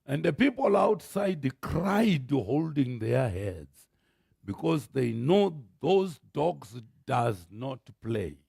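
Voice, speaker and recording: A man with a Zimbabwean accent preaching a sermon as pastor, telling stories with animated energy and rising to shouts. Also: medium pitch, takes it slowly, vocal fry, breathy edge, no echo, studio quality. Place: church.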